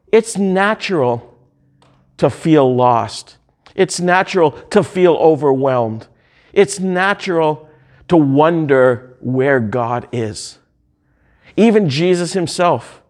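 A man preaching a sermon, reading hymn lyrics and scripture aloud in slow, drawn-out phrases. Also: fairly high pitch.

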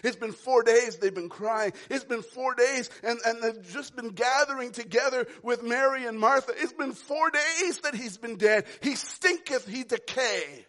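A pastor preaching a sermon, moving from quiet, low lines to loud, ringing calls. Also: male voice, measured pace, few pauses. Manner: preaching with big swings from soft to loud.

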